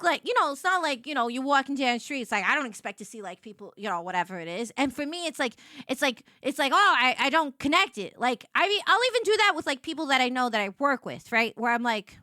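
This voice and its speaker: A woman's voice: no room sound, clean studio sound. A young adult woman streamer telling a story in rambling casual chat, full of restarts and fillers. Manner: chatty, rambling, many restarts and "like"s; animated, jumps into high voices for quotes.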